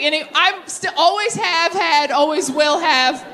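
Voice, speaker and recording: A young adult woman doing a stand-up set with crowd work, animated and self-deprecating, with quick asides. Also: high voice, noisy background. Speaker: stand-up comedian. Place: theater stage with live audience.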